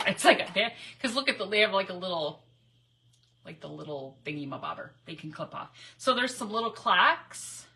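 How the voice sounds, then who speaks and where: A middle-aged woman chatting live as she crafts, rambling happily and giggling between stories. Her voice is bright and sharp, and a faint noise hums behind her. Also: mid-range voice. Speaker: crafting livestream host. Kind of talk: casual live crafting chat.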